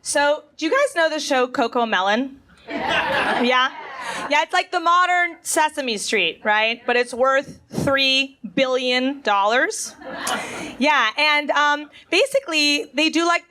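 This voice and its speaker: Slow-talking high-voiced woman comic. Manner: unhurried, dry, crowd-work questions. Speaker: stand-up comedian. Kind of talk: stand-up comedy set. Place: comedy club stage. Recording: live stage recording, loud audience.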